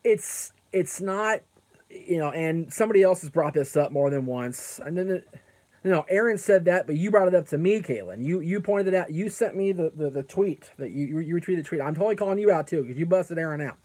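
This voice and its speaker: A man's voice: on the high side, lively intonation, brisk, a little mellow. A man hosting a casual live stream who rambles, answers chat comments aloud, and often stops to correct himself with plenty of fillers. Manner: frequent fillers and self-corrections.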